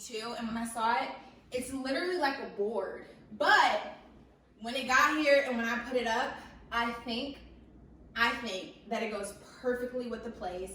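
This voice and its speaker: A woman giving a casual, chatty tour of her apartment, animated and playful with sassy asides, recorded indoors at home. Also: fairly high pitch, a little hiss or hum. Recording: echoey bare room, mic at a distance.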